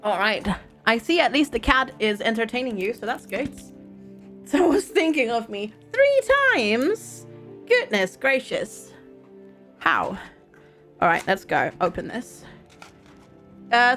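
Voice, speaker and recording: A woman's voice: a little high, fairly bright tone. Chatty, giggly woman game streamer. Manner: chatty, giggly, reads in-game books aloud. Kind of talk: casual gameplay commentary.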